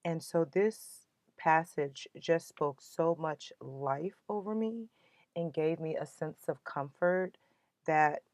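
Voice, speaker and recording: A woman with a low voice hosts a motivational podcast. She talks in an earnest, emotional, uplifting way. The sound is dry and close. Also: a little mellow, dry recording. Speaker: podcast host.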